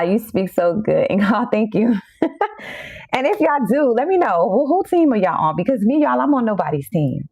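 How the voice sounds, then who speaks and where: Hosting her tarot livestream, this New Yorker keeps up casual, chatty talk, saying hello to viewers over and over and using "y'all" frequently. Her pitch is fairly low and a little mellow, and the recording is dry.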